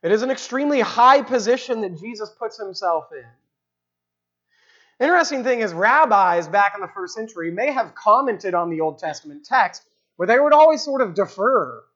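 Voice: mid-range voice, expressive, normal speed, fairly bright tone. A preacher giving an expository sermon, explaining the original language of a text and repeating key phrases for emphasis. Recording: dull lo-fi recording.

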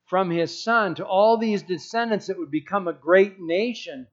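A man's voice: high-pitched, normal speed, hardly any pauses, muffled recording. A man preaching a sermon in a conversational way, with rhetorical questions and restarts.

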